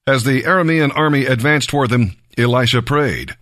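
A man reading scripture aloud in a slow, deliberate, measured way. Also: mid-range voice, fairly bright tone, dry recording, clean studio sound. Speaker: Bible reader.

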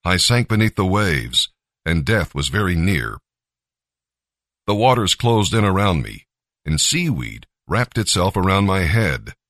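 Guy reading the part of a solemn runaway prophet, deep voice that rises and falls a lot. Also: very animated, a little slow, fairly bright tone, no echo, studio quality, heavily acted. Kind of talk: scripted scripture reading.

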